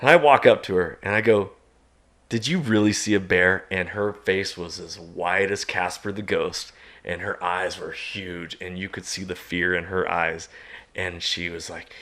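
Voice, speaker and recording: A man, a podcast guest, telling a long outdoor story in a lively way, laughing and jumping into loud high shouts as he acts it out. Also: a little slow. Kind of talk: animated storytelling.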